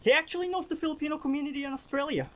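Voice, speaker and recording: A man hosting a casual interview, asking eager, halting, fan-like questions. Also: extremely high pitch, rough recording.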